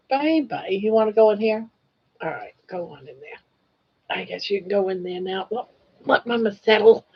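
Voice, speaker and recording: A woman's voice: mid-range voice, animated, measured pace, pauses often, slightly rough. An older woman hosting a live crochet stream, chatting fondly with her pet and greeting viewers. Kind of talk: casual live-stream chat. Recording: dull lo-fi live stream audio.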